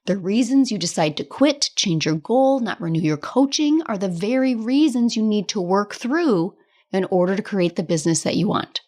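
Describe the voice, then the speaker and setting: A woman hosting her own coaching podcast, talking casually and directly, with a chatty, animated delivery and frequent laughs. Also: medium pitch, moderate pace. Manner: tough-love directness, casual swearing. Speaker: podcast host and business coach. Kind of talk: casual solo podcast talk.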